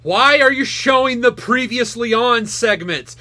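A man co-hosting a podcast in casual chat, excitable and profane, acting out quotes as he talks. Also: very high voice, unhurried. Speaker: podcast co-host.

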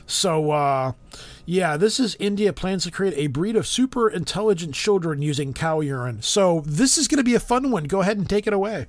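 Higher-voiced, chatty male podcast host. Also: a little fast, dry recording. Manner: animated, rambling storyteller. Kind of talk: casual chat, storytelling.

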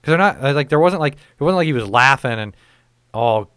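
A middle-aged male podcast host rambles through stories in casual, profane chat, swearing a lot and sounding exasperated. His mid-range voice is animated, fairly quick, a bit bright and smooth, captured in clean studio sound with no echo.

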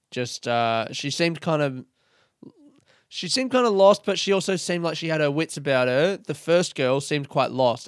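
A man's voice: medium pitch, clear, resonant tone, no echo, clean studio sound. A young man, a comedian, telling a rambling story in a laid-back way with casual swearing.

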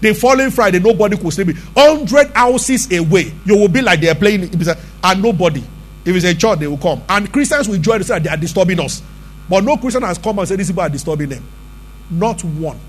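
A man's voice: high-pitched, animated, fairly quick, a little hiss or hum. A man preaching a sermon as pastor, emphatic and conversational, often asking the congregation questions.

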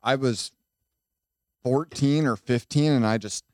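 A man on a casual podcast, telling a story in an animated way. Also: medium pitch, unhurried, no room sound, studio quality. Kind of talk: casual chat.

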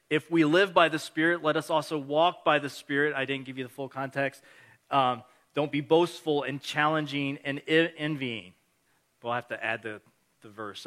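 Earnest male pastor, bright forceful tone. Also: medium pitch. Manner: earnest, encouraging, anecdotal. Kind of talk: conversational sermon.

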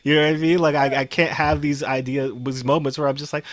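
A man chatting casually as a podcast panelist, animated, acting out quotes in shifting voices, swearing freely. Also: on the high side, fairly quick, no echo. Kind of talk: casual chat.

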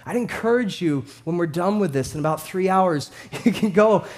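A pastor in his thirties preaches in a voice that sits high, speaking at a normal speed. He tells his stories with animation, moving from hushed to loud and laughing now and then.

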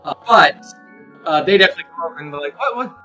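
A man narrating as game master of a tabletop game in an animated, laughing way. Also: a little high, racing, faint music behind.

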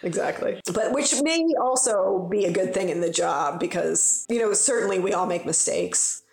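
A woman in her forties with a low, gravelly voice talks casually and rambles, piling up fillers as she goes. She works as a funeral director. Her voice rings with noticeable room echo. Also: normal speed. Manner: chatty, rambling, lots of fillers. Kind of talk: casual podcast conversation. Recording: roomy echo.

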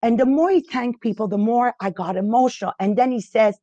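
A woman's voice: fairly high pitch, dark tone, no room sound, highs cut off. A woman hosting a podcast, teaching in a casual way and often stopping to restart her sentences. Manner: halting, restarts often, unsure of pronunciation. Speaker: podcast host leading a reading group.

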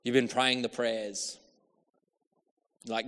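Preacher in a reverberant hall. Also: male voice, medium pitch, fairly even intonation, unhurried. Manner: storytelling with acted-out quotes, shifts from hushed to calling out. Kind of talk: sermon.

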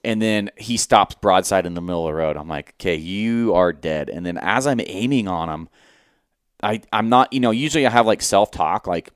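A man co-hosting a podcast, telling a hunting story in casual chat, animated and swearing freely as he acts out what he was thinking. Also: lowish voice, a little fast, dry recording, clean studio sound. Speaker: podcast co-host.

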